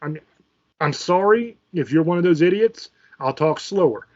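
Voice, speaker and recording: A man's voice: a little high, expressive, moderate pace, a little mellow, highs cut off. Angry ranting man, profane and combative. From Virginia, USA. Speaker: channel host. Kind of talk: ranting political commentary.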